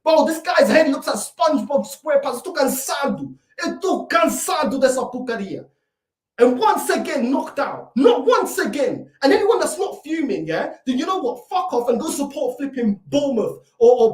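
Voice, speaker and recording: This woman's voice sits high with a somewhat dark tone. Playing a football fan after a match, she delivers an angry, repetitive rant, captured by a distant mic in an echoey room.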